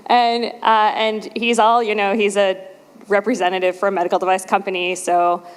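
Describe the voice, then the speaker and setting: Lively woman in a reverberant hall. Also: medium pitch, moderate pace, clear, resonant tone. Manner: lively storyteller, acts out quoted voices. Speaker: conference speaker. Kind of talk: storytelling conference talk.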